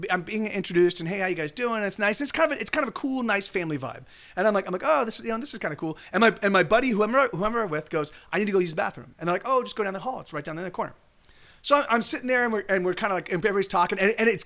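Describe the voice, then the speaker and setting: A man on a live stream tells a long story in a loose, rambling way, restarting his sentences and acting out what people said. He talks quickly, and his voice sits high for a man. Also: pushed and bright. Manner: rambling, full of restarts and acted-out quotes. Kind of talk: casual storytelling.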